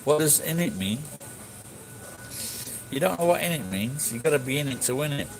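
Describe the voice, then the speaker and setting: A man's voice: on the high side, expressive, normal speed, a crowd in the background, rough recording. A man chatting casually with his audience, blunt and sweary, rambling through restarts. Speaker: streamer answering chat. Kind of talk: casual chat. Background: music.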